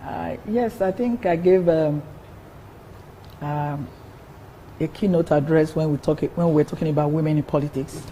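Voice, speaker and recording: Older woman, mellow tone, earnest, repeats herself while explaining. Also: deep voice, normal speed, pauses often, a little hiss or hum, poor audio. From Nigeria. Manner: earnest, repeats words while building a point. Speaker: interview guest, politician. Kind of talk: interview answers.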